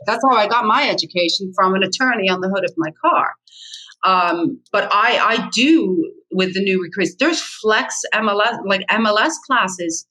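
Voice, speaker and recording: A woman's voice: medium pitch, pushed and bright, rough recording. A middle-aged woman, a real estate agent speaking as an interview guest, blunt and emphatic, hammering her points home by repeating them. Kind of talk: candid interview talk.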